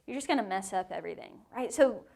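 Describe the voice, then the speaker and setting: A woman teaching a lively women's Bible study to a live group in a meeting room, with playful joking asides. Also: mid-range voice, fast talker, gravelly.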